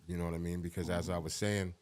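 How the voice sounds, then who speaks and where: A middle-aged man talking on a podcast, heartfelt and halting, holding back tears as he speaks. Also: low voice, little pitch movement, darkish tone. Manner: heartfelt, profane, halting with restarts. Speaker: podcast co-host. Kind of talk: emotional casual podcast talk.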